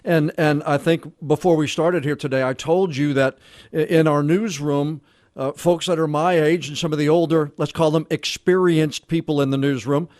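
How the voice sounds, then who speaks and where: A man's voice: fairly high pitch, fairly even intonation, moderate pace, a little mellow, no room sound, clean studio sound. A man interviewing a guest for a newspaper, asking long, chatty questions. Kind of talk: casual interview.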